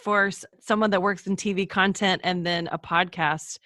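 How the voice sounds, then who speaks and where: A woman's voice: lowish voice, steady tone, normal speed, sharp tone, no echo, clean studio sound. A woman hosting an interview podcast, chiming in with supportive remarks. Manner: supportive interjections, laughs along. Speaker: podcast host. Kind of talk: conversational interview.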